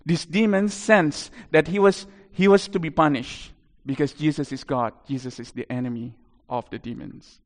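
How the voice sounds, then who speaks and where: A man preaching a sermon, telling a story animatedly with big swings in loudness. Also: a little high, fairly even intonation, normal speed, hardly any pauses, big-room sound.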